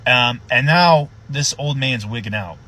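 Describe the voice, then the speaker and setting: A man, a sheriff's deputy, casually telling a story in a profane, animated way. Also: medium pitch, a little slow, background noise.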